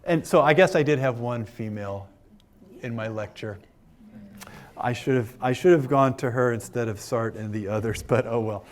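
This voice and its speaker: A man's voice: mid-range voice, normal speed. A man giving an informal philosophy lecture to a class of older adults, chatty and joking with frequent fillers. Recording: lecture room.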